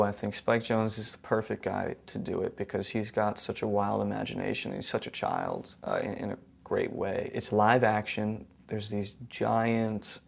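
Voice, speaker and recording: Low, gravelly young man musing. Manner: thoughtful, earnest, hesitant. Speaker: actor being interviewed. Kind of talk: casual interview.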